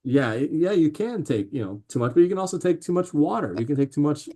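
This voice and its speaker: A man talking as a guest on a podcast, telling animated stories with lots of fillers and restarts. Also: a little high, fast. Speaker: podcast guest, drink company founder. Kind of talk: casual interview chat.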